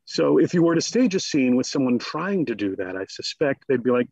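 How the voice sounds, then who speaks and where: A man in a conversational interview as a guest scholar, talking in an animated, digressive way and slipping into quick mock voices. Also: medium pitch, gravelly, slightly rough, dry recording, muffled recording.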